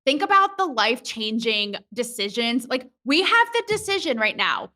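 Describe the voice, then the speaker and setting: An outspoken woman speaking as a podcast guest, frank and quick to swear. Her voice is bright and forward, pitched a little high for a woman. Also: big pitch swings. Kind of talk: casual chat.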